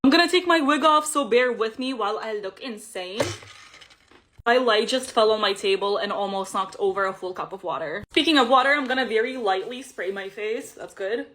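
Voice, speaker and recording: A woman's voice: fairly high pitch, fairly quick, a bit bright. A young woman chatting casually and joking at her own expense while she peels off special effects makeup for her vlog. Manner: chatty, joking, self-mocking. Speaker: makeup vlogger.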